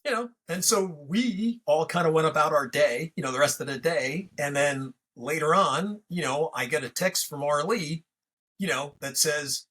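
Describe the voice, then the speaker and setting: Man, podcast host, bright tense husky voice, rambling casual storytelling. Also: on the high side, normal speed. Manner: rambling, lots of fillers and restarts.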